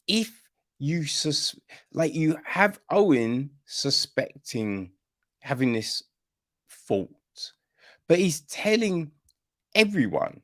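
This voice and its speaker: A man's voice: medium pitch, creaky, dry recording, clean studio sound. A man giving a casual film review on a podcast, exasperated, and ending his points with "right?". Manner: exasperated, repeats "right?" often.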